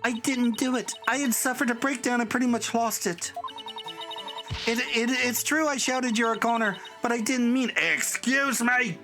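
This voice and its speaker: A man's voice: very high voice, moderate pace, pitched above the performer's own voice. A man voicing a distraught young female college student in a game, stammering and pleading. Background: game music.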